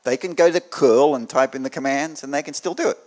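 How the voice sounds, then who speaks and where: A man with an Australian accent giving a technical meetup talk to an audience, with dry joking asides and swings in loudness. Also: mid-range voice, fairly quick. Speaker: conference speaker. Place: meetup venue before an audience.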